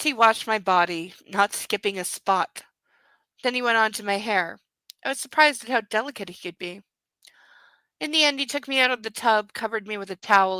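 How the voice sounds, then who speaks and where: A woman's voice: medium pitch, bright, forceful tone, clean tone, dry recording, poor audio. A woman hosting a book club, reading a novel aloud and breaking off for wry, exasperated asides.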